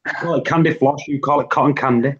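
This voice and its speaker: A man's voice: medium pitch, fairly even intonation, fast talker, breathy edge, highs cut off. A British man hosting a casual group chat, reading out lists of word pairs. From Britain. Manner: reads out lists of word pairs, laughs often.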